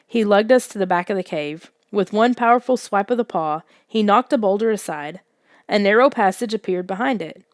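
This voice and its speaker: Hushed woman reading a suspense story. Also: mid-range voice, lively intonation, normal speed, no echo, studio quality. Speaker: audiobook narrator. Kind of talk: scripted audiobook narration.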